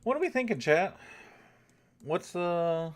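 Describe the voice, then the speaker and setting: A man's voice: sits high, expressive, slow. A young man streaming a strategy game, thinking aloud to his chat and swearing when irritated. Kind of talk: casual gameplay commentary to chat.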